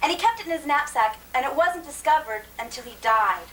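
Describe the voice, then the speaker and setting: A woman's voice: high voice, expressive, fairly quick, a bit bright. A woman playing a boastful but hesitant female social secretary. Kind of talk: radio-style comedy drama. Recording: distant mic, faint noise.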